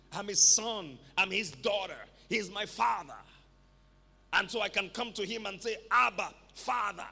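A man's voice: sits high, creaky, bright, forceful tone. A man preaching a fervent sermon, calling out to the congregation for responses. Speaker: pastor. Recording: echoey hall with long reverb.

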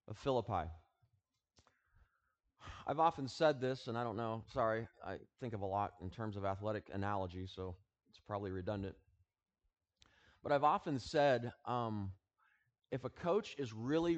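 A man of ordinary pitch gives a relaxed Bible lesson to students, the way a coach would talk to his team. He reads scripture slowly and quietly, then slips into easy, chuckling explanation built on sports examples. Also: dull audio. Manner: casual, uses sports analogies, chuckles often. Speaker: teacher and football coach leading a Bible talk. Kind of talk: conversational Bible teaching to students.

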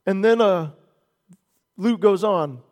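A man preaching a sermon as pastor, earnest, stretching key words slowly for emphasis. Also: sits high, a little mellow. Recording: long hall reverb.

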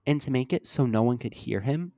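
Young man, casual podcast chat, chatty storyteller, filler-heavy, mid pitch, close dry mic. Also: a little fast, mellow, no echo. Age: young adult. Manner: storytelling, reenacting overheard lines with many "like" fillers. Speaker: podcast co-host.

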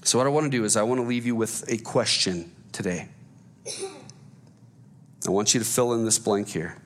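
A man's voice: fairly low pitch, normal speed. A man preaching a sermon as pastor, driving points home with repetition and rising emphasis through lists.

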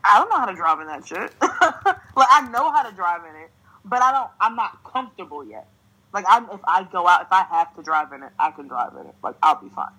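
Young woman, from New Jersey, podcast host, casual storytelling, profane, animated, slightly breathy. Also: medium pitch, brisk, poor audio. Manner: swears freely, animated ranting, laughs often.

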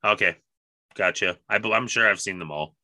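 Enthusiastic man with a very bright voice. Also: lowish voice, moderate pace, no echo. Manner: enthusiastic, swears casually. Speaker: podcast co-host. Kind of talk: casual chat.

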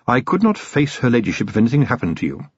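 A silky, deferential manservant with a quiet edge of threat, as a man reading the story puts him on. His diction is formal and polished, with lively pitch. The recording is dull and dry, in audiobook style. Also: quick pace, husky, no room sound. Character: smooth, menacing manservant, middle-aged man.

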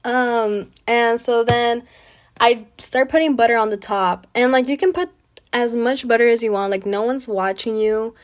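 A woman's voice: on the high side, moderate pace. A woman hosting a podcast, telling a personal story in a chatty way, full of "like" and "you know". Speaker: podcast host. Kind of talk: casual storytelling.

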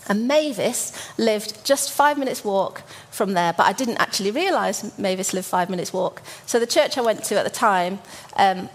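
A woman in her forties delivers a sermon as a personal story, speaking at an ordinary, middling pitch. She is from Birmingham and often pauses with fillers and restarts her sentences. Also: lively intonation. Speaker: church speaker.

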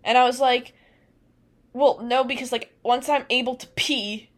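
A woman's voice: on the high side, fairly even intonation, a little slow. A young woman co-hosting a casual chat podcast, telling a story in a rambling way and laughing often. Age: young adult. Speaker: podcast co-host.

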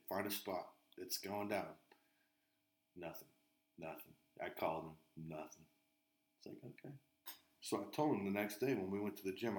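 A man's voice: sits low, roomy sound. A man on a podcast, telling rambling stories full of swearing in casual chat. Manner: profane, rambling storyteller. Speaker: podcast co-host.

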